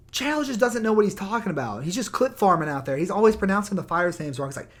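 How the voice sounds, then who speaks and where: A man's voice: high voice, expressive, quick pace, hardly any pauses. A young man on his own microphone, ranting in a heated, sarcastic way with lots of swearing. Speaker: YouTuber. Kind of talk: profane rant. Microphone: new microphone.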